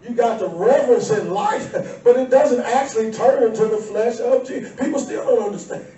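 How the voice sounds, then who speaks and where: A man preaching a sermon as pastor, animated, often breaking into shouts and laughter. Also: very high-pitched, normal speed, soft background music. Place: church sanctuary. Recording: echoey church sound from far off.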